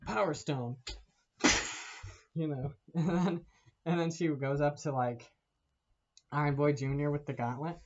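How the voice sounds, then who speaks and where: A man's voice: fairly high pitch, fairly even intonation, a little slow, long pauses, darkish tone, dull audio. A man giving a casual, rambling movie rant to camera, laughing often and swearing as he talks. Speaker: vlogger.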